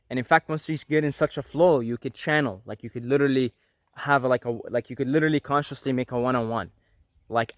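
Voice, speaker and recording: A man's voice: mid-range voice, a bit bright, no room sound, studio quality. A man hosting a spiritual teaching video, talking earnestly to camera and repeating points for emphasis. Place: apartment at night.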